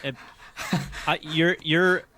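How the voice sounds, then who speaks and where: An American man with a bright, forceful voice pitched a little high, talking over a video call. He riffs animatedly and swears freely, jumping between rapid asides as a comedian guest. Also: steady tone, a little hiss or hum. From United States. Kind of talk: casual chat.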